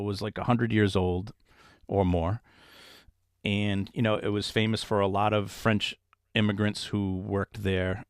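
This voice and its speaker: Low-voiced man telling ghost stories. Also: no echo, studio quality. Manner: animated storyteller, acts out quoted voices. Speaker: paranormal investigator guest. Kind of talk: casual interview storytelling.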